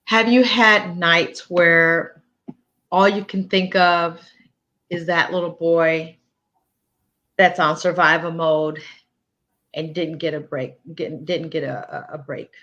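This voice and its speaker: A woman's voice: fairly low pitch, fairly even intonation, takes it slowly, long pauses, pushed and bright, muffled recording. Female host, supportive and affirming; asks long, searching questions. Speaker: interview host. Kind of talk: supportive interview hosting.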